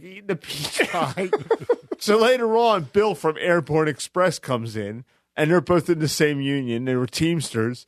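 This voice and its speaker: A man's voice: high voice, moderate pace, no room sound, clean studio sound. A man co-hosting a podcast, telling a long story to friends, laughing and acting out the voices of the people in it. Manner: animated storyteller, acts out voices, laughs a lot. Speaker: podcast co-host. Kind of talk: casual storytelling among friends.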